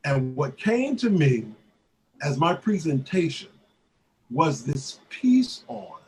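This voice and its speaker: Animated man leading a writing workshop. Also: a little high, slow, creaky. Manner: animated storyteller, many fillers and restarts, acts out quoted voices. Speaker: creative writing workshop leader. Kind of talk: casual workshop talk.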